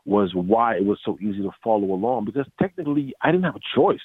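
A man with a lowish voice tells stories in an animated way, acting out what others said and often restarting his sentences. The sound is thin and phone-like, and the recording is dry. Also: fast, slightly rough, no room sound. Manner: animated storyteller, acts out quotes, many restarts. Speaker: voice actor guest. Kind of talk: casual interview. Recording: dry tinny phone-like line.

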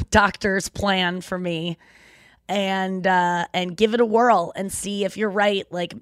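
A woman's voice: mid-range voice, a bit bright, clean tone, no echo. Tearful woman podcast host, dry sound. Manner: rambling, tearful, apologetic. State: crying. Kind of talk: emotional personal monologue. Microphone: studio microphone.

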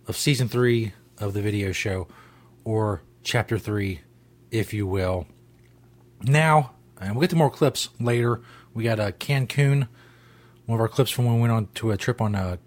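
A male host chatting casually on his comedy show, wry and laid-back, with the odd swear. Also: mid-range voice.

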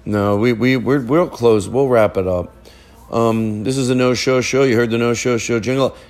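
A man hosts a casual podcast at a middle pitch. He rambles, jokes and circles back on himself mid-sentence. The talk is loose and easygoing. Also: steady tone, moderate pace, a little mellow, faint music behind. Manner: rambling, jokey, self-interrupting. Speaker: podcast host. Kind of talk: casual family chat.

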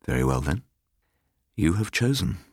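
Man playing victorian father, cold, weary, measured, very low voice, lively pitch. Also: no room sound, studio quality, heavily acted.

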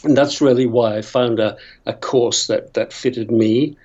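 A man's voice: mid-range voice, fairly even intonation, unhurried, a little mellow, dull audio. A man in his sixties from Northern Ireland, an actor guest telling rambling stories in a casual interview and laughing often. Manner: chatty, rambling storyteller who laughs often.

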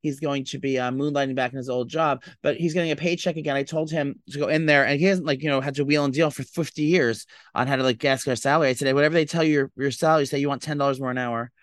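A man's voice: mid-range voice, steady tone, quick pace, few pauses, dry recording, studio quality. A man co-hosting a podcast in casual chat, chatty and dramatic, gossiping. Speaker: podcast co-host.

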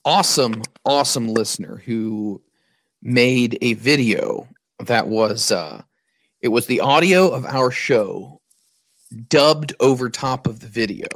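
A man's voice: mid-range voice, dry recording. Easygoing man hosting a podcast. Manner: easygoing, chatty, thanks listeners. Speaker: podcast host. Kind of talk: casual podcast chat.

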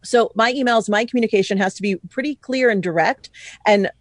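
A woman from New York City, a podcast host and wedding planner, talking in a casual, animated way and acting out quoted emails. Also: medium pitch, brisk, no echo. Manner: animated, acts out quoted speech. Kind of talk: casual business chat.

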